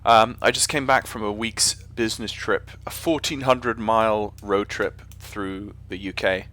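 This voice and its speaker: A man's voice: lowish voice, fairly even intonation, measured pace, pushed and bright. A man with an English accent chatting casually on a live stream while flying a simulator, rambling and often correcting himself. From England. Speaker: flight sim streamer.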